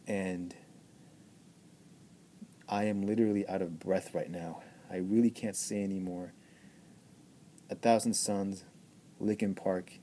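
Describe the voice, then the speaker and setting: A man's voice: lowish voice, dark tone, a little hiss or hum. A man giving an enthusiastic album review, gushing and repeating himself with many stammered restarts. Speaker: music reviewer.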